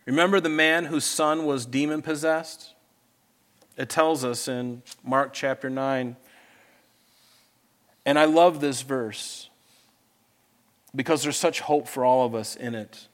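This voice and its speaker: A man preaching a sermon to a congregation in church, earnest and pleading, swinging between loud urging and soft asides. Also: mid-range voice, slow, long pauses. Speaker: pastor.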